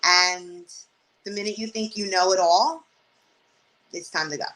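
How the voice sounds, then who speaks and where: Animated New woman telling stories. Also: fairly low pitch, measured pace, poor audio. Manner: animated storytelling, exasperated asides. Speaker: real estate agent, guest. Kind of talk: casual interview talk.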